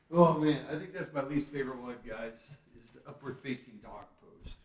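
A man's voice: medium pitch, normal speed, far from the mic. A man, a dad, reading a storybook to children, groaning and joking as he tries each pose. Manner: goofy, groaning and joking while doing the poses. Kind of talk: playful storytime with exercises. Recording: roomy echo, voice a bit off-mic.

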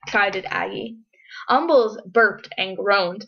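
A woman reading a children's picture book aloud, with expressive, lively storytelling. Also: medium pitch, a little slow. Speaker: storybook reader. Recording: dull lo-fi recording.

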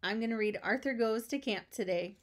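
A woman teacher reading a children's storybook aloud, expressive with chatty asides. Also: a little high, a little fast.

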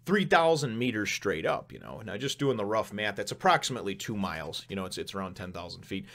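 A man's voice: on the low side, very animated, fast talker, fairly bright tone. A man casually reviewing a manga chapter, rambling with many fillers, laughing often and swearing now and then.

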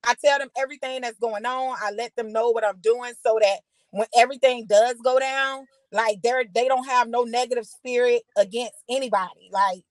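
A young woman calling in for advice, speaking earnestly and agreeably, often halting mid-sentence. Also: on the high side, fairly even intonation, no room sound. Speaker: caller. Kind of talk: casual phone-in chat.

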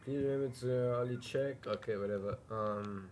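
A young man, a gaming YouTuber, gives casual let's-play commentary on a horror game, his voice medium-pitched at a normal pace with a faint hiss or hum. He's jumpy, keeps calling people "dude," and yells whenever something startles him.

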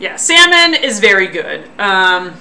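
A woman's voice: medium pitch, sing-song, measured pace, pushed and bright. A young woman from Southern California with a Southern California accent, chatting casually with her stream while she cooks and swearing freely. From Orange County, Southern California. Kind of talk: casual cooking livestream. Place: home kitchen. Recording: roomy kitchen, mic a bit far, faint noise.

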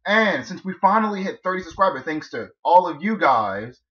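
A man's voice: high-pitched, very animated, moderate pace, fairly bright tone. A man hosting a gaming channel, giving a casual outro to his viewers. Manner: casual, repeats requests to subscribe. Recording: dull lo-fi mic.

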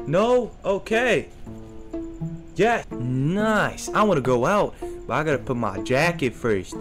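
Young male streamer, slangy and goofy, unhurried delivery over light background music. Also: fairly high pitch, big pitch swings. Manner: slangy, jokey, talks to game characters. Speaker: gaming streamer. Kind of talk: let's play commentary. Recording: faint game music behind.

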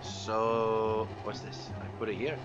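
A man's voice: on the low side, level tone, slow pace, muffled recording, music in the background. A man giving gameplay commentary, frustrated and swearing as he talks to objects in the game. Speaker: gaming YouTuber.

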